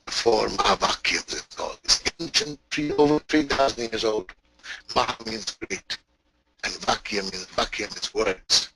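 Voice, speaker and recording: A man's voice: on the low side, normal speed, gravelly, poor audio. A man teaching a spiritual webinar, telling a parable in an emphatic, repetitive way with frequent restarts.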